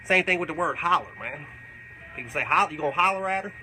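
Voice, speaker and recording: A man's voice: fairly high pitch, lively intonation, quick pace, sharp tone, a little hiss or hum, rough recording. A man playing a crude, boastful redneck character who rambles through tall tales and swears constantly during a comedic livestream Q&A. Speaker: comedic character answering fan questions.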